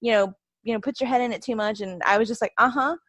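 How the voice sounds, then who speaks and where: A woman's voice: medium pitch, steady tone, quick pace, no echo. A woman co-hosting a podcast in casual chat, recounting events in a rambling way, quoting herself and laughing often. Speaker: podcast co-host.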